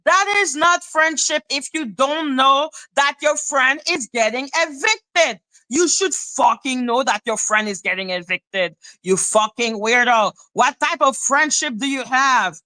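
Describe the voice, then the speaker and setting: A woman's voice: high voice, lively intonation, unhurried, few pauses, sharp tone, no room sound, rough recording. A woman live-streaming a heated, profane rant, scornful and mocking. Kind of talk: heated ranting commentary.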